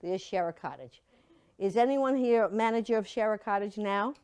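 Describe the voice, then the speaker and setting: A woman's voice: medium pitch, normal speed, darkish tone, smooth. An older woman telling stories to a church audience in a chatty, playful way, slipping into mocking put-on voices. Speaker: speaker giving a memorial slideshow reflection. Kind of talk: casual storytelling to an audience.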